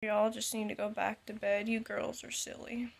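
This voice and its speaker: A woman voicing a drowsy dad who was woken at night and brushes off a scare in a low-key, mildly scolding way. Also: level tone, moderate pace, creaky. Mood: dismissive.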